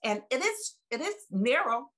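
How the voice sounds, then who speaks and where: Over a video call, a guest speaker in her seventies shares her faith story in a folksy, talkative way, stressing the conversations she recounts. Her voice is high, swings widely in pitch, moves at a normal speed and sounds a bit bright.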